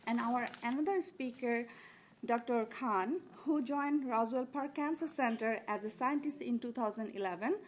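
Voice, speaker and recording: A woman introducing speakers at a community event, a little hesitant as she reads. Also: on the high side. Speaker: event coordinator, presenter.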